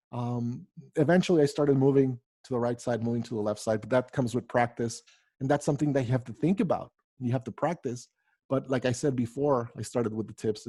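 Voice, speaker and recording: Male speaking coach on a video call: warm, relaxed voice, conversational with restarts. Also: mid-range voice, breathy edge, dry recording. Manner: conversational, many fillers and repeated words. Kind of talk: virtual workshop teaching.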